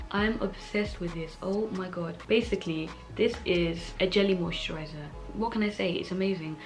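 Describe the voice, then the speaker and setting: A young woman talking as a beauty vlogger in a casual chat from home, gushing and excitable. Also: on the low side.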